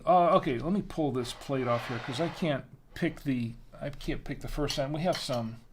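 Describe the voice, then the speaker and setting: A man hosting a wine tasting livestream, chatting casually and rambling with lots of fillers. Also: mid-range voice. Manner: rambling, chatty, self-deprecating with frequent fillers. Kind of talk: casual live-stream chat.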